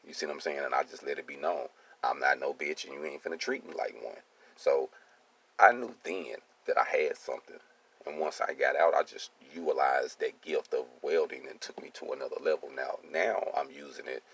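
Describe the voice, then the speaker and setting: Man: a very low voice with gravel in it, casual and streetwise, keeps checking in with the listener. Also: fairly quick, fairly bright tone. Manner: streetwise, keeps asking "you see what I'm saying". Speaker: welding business owner. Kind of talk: casual personal monologue.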